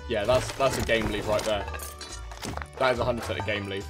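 A man's voice: lowish voice, fairly even intonation, a little fast, music in the background. A young man giving cheeky, swear-filled gameplay commentary and mocking other players. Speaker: gaming streamer.

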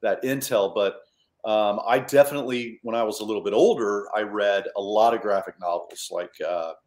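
A man's voice: on the low side, moderate pace, a little mellow, roomy sound. A man, a children's author and illustrator, talking casually and self-deprecatingly at a storytime. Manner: chatty, self-deprecating, rambling.

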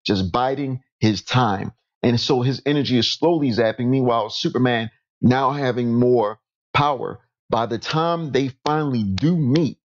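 A man's voice: medium pitch, muffled recording. A man hosting his own online channel, talking through a topic in a rambling, casual commentary and often correcting himself mid-sentence. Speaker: YouTube host.

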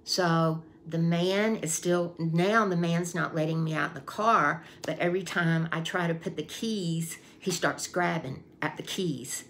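A woman tells a personal story to her camera in a low, gravelly voice, taking her time. She is chatty and repeats phrases as she acts out what she thought back then. A faint hiss sits under the recording. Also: unhurried, few pauses. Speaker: vlogger. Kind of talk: casual storytelling.

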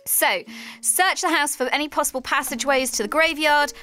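A woman chatting casually while playing a game with friends, soft and hesitant with many ums. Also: high voice, brisk, soft background music. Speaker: game player and co-host. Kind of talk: casual gameplay chat.

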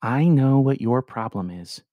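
A man voicing a quirky, playful teenage girl who talks softly and teases. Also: medium pitch, expressive, measured pace, dry recording, phone-quality sound, pitched above the performer's own voice, lightly acted. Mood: teasing.

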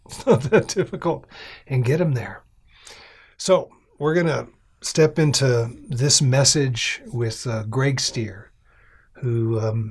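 Husky man casually announcing. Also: mid-range voice. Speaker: event host. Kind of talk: event announcement.

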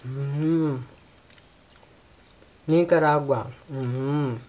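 A woman with a Filipino accent hosts a casual pageant reaction, talking in a low, deep-set voice. She takes her time and fills the gaps with quiet hums. Her manner is soft and often apologetic. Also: fairly even intonation, drawn-out words. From Philippines.

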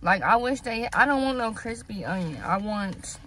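A young woman chatting to her viewers while she eats and reviews fast food, talking with her mouth full. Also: mid-range voice, lively intonation, sharp tone, a little hiss or hum, poor audio. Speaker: food vlogger.

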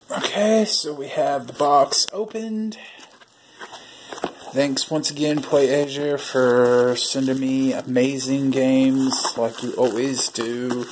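A man's voice: mid-range voice, a bit bright. A man hosting a casual unboxing vlog, chatting to viewers while handling what he unpacks. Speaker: video host.

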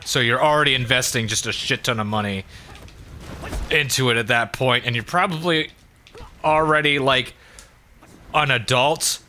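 A man's voice: mid-range voice, moderate pace, pauses often, bright, forceful tone, a little hiss or hum. A man hosting a let's play, rambling in a loose and profane way with many fillers. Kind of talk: casual commentary while gaming.

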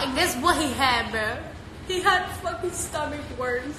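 Teenage girl streamer with a high voice, profane and playful, recorded on a phone in an echoey, noisy room. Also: lively intonation, unhurried, pushed and bright. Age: teens. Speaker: live streamer. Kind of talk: casual live-stream chat reading viewer comments.

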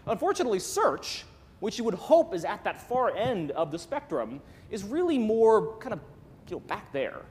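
A man giving a lively, joking conference talk on stage, restarting sentences often. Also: high voice, normal speed. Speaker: conference speaker. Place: large conference hall. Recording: long hall reverb.

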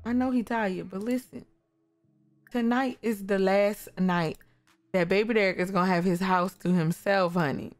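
With faint music behind her, a gaming YouTuber chats casually about her life-simulation game in a medium-pitched voice at a moderate pace. She animatedly addresses the characters and reacts with exclamations to their actions.

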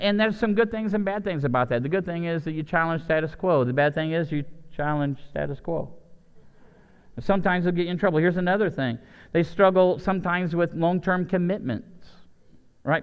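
A man preaching as a pastor, storytelling with lively swings between excited high lines and quiet low asides. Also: normal speed, clean tone. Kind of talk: lively sermon with acted-out voices. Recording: dull lo-fi church hall sound.

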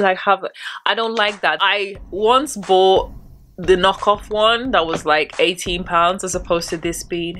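A woman's voice: mid-range voice, a bit bright, slight background noise. A woman chatting casually about hair care tools, with rambling, self-deprecating asides. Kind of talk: casual chat.

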